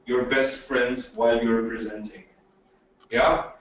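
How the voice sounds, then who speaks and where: A man's voice: mid-range voice, slow. Emphatic man lecturing in an echoey room. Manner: animated, emphatic, repeats "okay?" often. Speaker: presentation skills trainer. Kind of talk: webinar lecture. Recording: very echoey room audio from a distance, faint noise.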